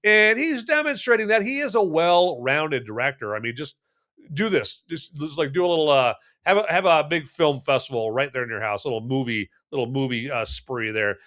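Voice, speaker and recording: Lively, bright-voiced male podcast host. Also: on the high side, brisk. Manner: animated, playful, talks straight to viewers; lots of fillers and restarts, swings between loud and hushed. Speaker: movie review podcast host. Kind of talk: casual live-stream movie review.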